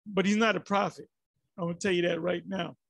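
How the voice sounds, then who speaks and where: A man's voice: high-pitched, steady tone, a little fast, gravelly, fairly bright tone, husky, dry recording. A man giving rambling, exasperated commentary on a religious video, full of restarts and fillers.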